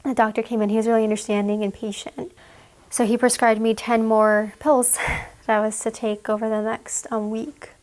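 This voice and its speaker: A young woman giving an emotional personal account in an interview, halting and full of "like"s. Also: on the high side, level tone. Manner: halting, fillers, many "like"s.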